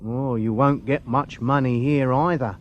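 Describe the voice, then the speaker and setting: A man's voice: mid-range voice, steady tone, a little slow, dull audio, slight background noise, natural voice. A man voicing a gloomy, grumbling station supervisor in a storybook reading. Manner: grumbling, discouraging.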